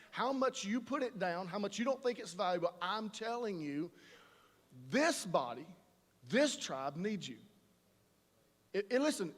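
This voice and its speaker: A man preaching a sermon, animated and conversational, slipping into quoted voices. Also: high voice. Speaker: pastor. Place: large church auditorium. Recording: live church hall reverb.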